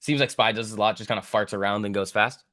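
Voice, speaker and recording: Man, casual live market commentary, forceful bright tone, dry close sound, loose offhand delivery. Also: fairly low pitch, fairly even intonation, fast, dry recording. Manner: loose, thinking aloud, occasional swearing. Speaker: stock trading stream host.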